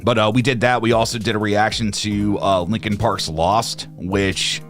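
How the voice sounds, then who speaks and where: Young guy rambling on a livestream, kinda low voice, lots of um and uh. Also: steady tone, normal speed, fairly bright tone, soft background music. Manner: rambling, many fillers and restarts. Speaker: co-host of a livestream. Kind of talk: casual livestream chat.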